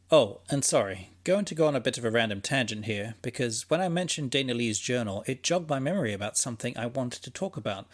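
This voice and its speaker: A man's voice: medium pitch, husky. A man hosting and narrating a fiction podcast in a scripted, conversational monologue, musing aloud with a dry, sarcastic edge.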